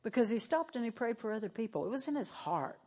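A woman's voice: on the high side, expressive, fast, dark tone, husky. A woman preaching a sermon in a church, moving between fervent exhortation and tearful emotion. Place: church sanctuary, televised.

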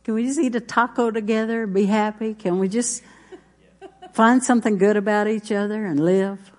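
A woman's voice: medium pitch, steady tone, normal speed, darkish tone. A middle-aged woman pastor, preaching a folksy sermon full of stories. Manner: folksy, storytelling, with congregation responses.

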